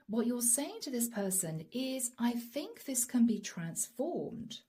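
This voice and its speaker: A woman giving a channeled tarot reading, soft and emotional, often dropping to a whisper. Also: on the high side, big pitch swings, slow pace, hardly any pauses, slight background noise. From Europe. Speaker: tarot reader.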